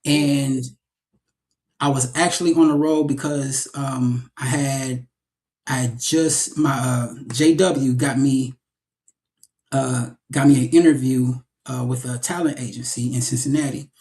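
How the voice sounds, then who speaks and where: A young adult man, an actor, telling stories in a casual interview, animated and often repeating his words as he goes. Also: medium pitch, a little slow.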